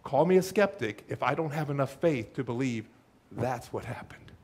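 A man preaching a sermon as pastor, animated and humorous, acting out little asides. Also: medium pitch, normal speed, slightly rough.

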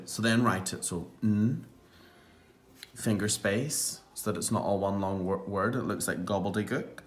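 A man teaching a phonics lesson to young children, encouraging them and sounding out words clearly. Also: fairly low pitch, a little slow.

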